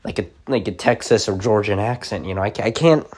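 A man's voice: lowish voice, fast talker, darkish tone. Rambling young man, casual talk. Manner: rambling, full of likes and restarts.

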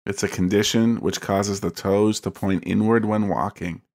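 Smooth-voiced man, lowish. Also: fairly even intonation, moderate pace, darkish tone. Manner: smooth radio-style delivery. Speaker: podcast co-host. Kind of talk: casual movie chat.

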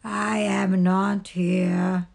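A woman's voice: medium pitch, level tone, extremely slow, creaky, a little mellow, heavily acted. A woman voicing a sleepy, grumpy male toad in a storybook read-aloud, grumbling and drowsy.

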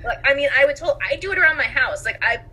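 A woman's voice: sits high, animated, rapid-fire, pushed and bright, rough recording. A young woman co-hosting a casual chat, talkative and giggly, acting out quotes from films as she talks. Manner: chatty, giggly, acts out quotes. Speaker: podcast co-host.

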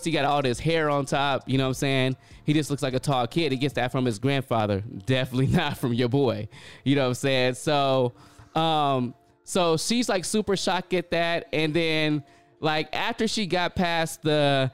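A man's voice: medium pitch, normal speed, clean tone, dry recording, soft background music. A man, telling a casual story in a loose, chatty way full of filler phrases.

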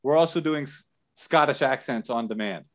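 A man's voice: mid-range voice, normal speed. A man co-hosting a podcast, chatting casually and laughing often. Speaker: podcast co-host, store owner. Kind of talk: casual chat.

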